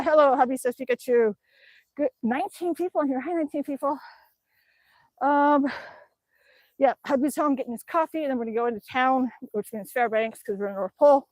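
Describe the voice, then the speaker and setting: Brief: chatty, gushing Alaskan woman, high voice, dry close phone sound, livestreaming outdoors while exercising. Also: no echo. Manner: pedaling an exercise bike while talking. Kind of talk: casual livestream chat. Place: outdoors by her home. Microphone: cell phone on a stand.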